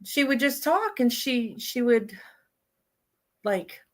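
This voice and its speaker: A woman co-hosting a casual chat, telling lively stories and acting out the voices of the people in them. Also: fairly high pitch, takes it slowly. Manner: animated storyteller, acts out quoted voices. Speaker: co-host.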